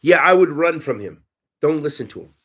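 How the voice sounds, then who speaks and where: A man teaching and answering religious questions in a conversational, animated way, often restarting his sentences. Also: a little high, fairly quick, slightly rough. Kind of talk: Q&A talk.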